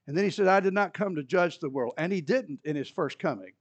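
A man preaching a sermon, animated, rising loud for emphasis and dropping low and quiet. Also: moderate pace, dry recording.

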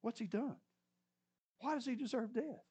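A man's voice: very high voice, normal speed, a little mellow, slightly rough, voice pushed up. A man voicing a bewildered young male prince who pleads with his father, asking plaintive questions. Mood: pleading.

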